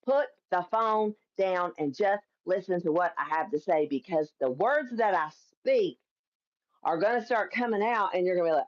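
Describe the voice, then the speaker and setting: A woman's voice: lowish voice, expressive, normal speed, highs cut off. A woman from Kentucky hosting a casual political live stream, chatty and emphatic, laughing often and swearing freely. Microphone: phone or camera on a live stream.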